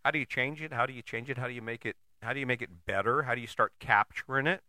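A man's voice: medium pitch, fast, sharp tone, dry recording, clean studio sound. A man giving a blunt, profane, emphatic motivational monologue, full of rhetorical questions and restarts.

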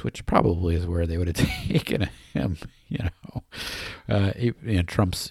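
Male podcast host, low husky voice, rambling comic delivery, laughs a lot, dry close sound. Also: a little mellow, dry recording. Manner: rambling, joking, laughs often, many fillers. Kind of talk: casual rambling commentary.

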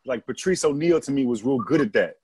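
A male comedian in casual chat, a rapid storyteller who acts out quoted lines. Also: medium pitch, lively intonation, darkish tone, breathy edge, no echo. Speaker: comedian guest.

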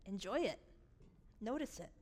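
A woman's voice: mid-range voice, expressive, normal speed, a little mellow. A woman pastor preaching a sermon, acting out the father's words with emphatic, rising force. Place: church sanctuary.

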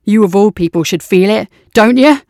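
A woman's voice: mid-range voice, moderate pace, darkish tone, no echo, clean studio sound, natural voice. A woman voicing a nihilistic male scout captain who talks with intense, urgent persuasion.

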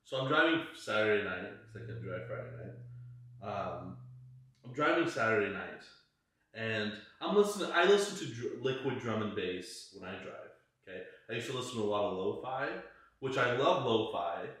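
A man's voice: fairly low pitch, expressive, moderate pace, fairly bright tone. Crude rambling man in an echoey room. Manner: crude, rambling, heavy swearing and fillers. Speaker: podcast co-host. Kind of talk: casual podcast chat.

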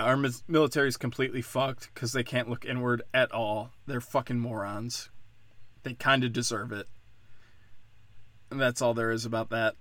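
A man's voice: medium pitch, bright, forceful tone, no room sound. Male host from Pennsylvania, mid-range voice, combative solo rant, profane and sarcastic, dry close recording. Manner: sarcastic rhetorical questions.

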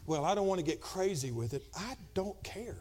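A middle-aged man preaching a Pentecostal sermon, dropping to quiet conversational talk and then climbing into shouted, fervent preaching. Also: high-pitched, expressive, brisk. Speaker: pastor.

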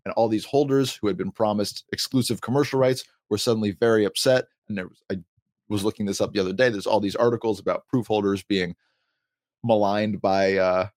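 A man hosts a podcast in a casual, talkative way, often breaking into small laughs as he explains. His voice sits on the low side. The recording is dry and close, with no room sound. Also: fairly even intonation, fairly quick, darkish tone, no room sound. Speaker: podcast host.

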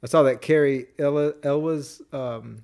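A man's voice: fairly high pitch, steady tone, moderate pace, creaky, a little mellow. A man co-hosting a podcast, chatting casually about a movie, often laughing and reciting quotes. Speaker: podcast co-host.

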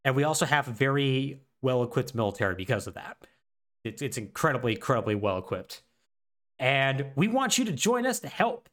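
A man voicing an eager, earnest male organization leader who stumbles through a sales pitch. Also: quick pace, a bit bright, natural voice.

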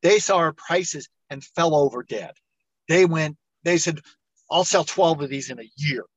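A middle-aged man, an entrepreneur guest on an interview show, telling his story with lively acted-out dialogue. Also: a little high, a little slow, no room sound, low-quality recording. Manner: animated storyteller, acts out quoted dialogue.

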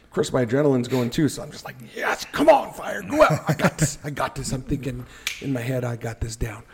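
A middle-aged man telling a story on a podcast, animated and joking as he goes. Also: medium pitch, quick pace. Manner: animated storyteller, jokey asides. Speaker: podcast guest. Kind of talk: casual storytelling.

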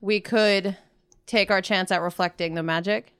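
A woman at a tabletop game keeps the group's plan organized in casual chat. Her voice is smooth and resonant at a middle pitch. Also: fairly even intonation, moderate pace, a bit bright. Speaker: player.

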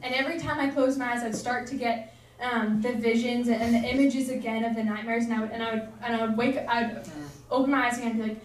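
A woman's voice: fairly high pitch, fairly even intonation, fast, a little hiss or hum. A young woman giving a casual, earnest sermon, chatty and full of fillers. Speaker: preacher. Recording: echoey room, voice from far off.

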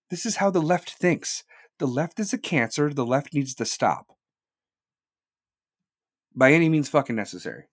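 Brief: male podcast host on a live rant, swears freely, swings his pitch wildly, dry close sound. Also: dry recording. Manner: profane, heated, rhetorical questions.

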